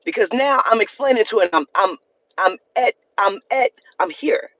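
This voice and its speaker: A woman's voice: a little high, moderate pace, a bit bright, no room sound. A woman talks straight to camera in a heated, swearing rant, hammering her points home by saying them again. The sound is close and dry with little room around it. The top end is slightly dull. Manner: heated, profane, repeats lines for emphasis. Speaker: vlogger. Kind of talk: emotional storytime rant.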